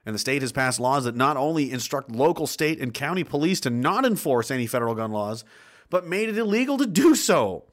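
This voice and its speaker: A man's voice: mid-range voice, fairly quick. A man from Nova Scotia hosting a livestream, ranting sarcastically and reading viewer comments aloud. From Nova Scotia, Canada. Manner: sarcastic, animated, swears, laughs often. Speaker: livestream host reading chat.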